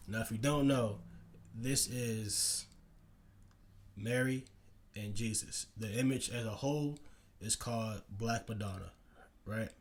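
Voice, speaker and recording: A man's voice: lowish voice, slow pace, long pauses. A young man casually telling a personal story to camera, rambling with many fillers, restarts and tag questions. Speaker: vlogger.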